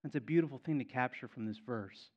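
A man's voice: mid-range voice, fast, highs cut off. A man preaching a sermon as pastor, emphatic and repeating key phrases for effect.

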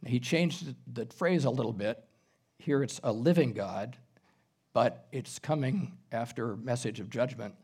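Husky-voiced man preaching a sermon. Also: medium pitch, a little mellow. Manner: teaching, reads scripture aloud, clears throat. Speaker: pastor. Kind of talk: expository sermon.

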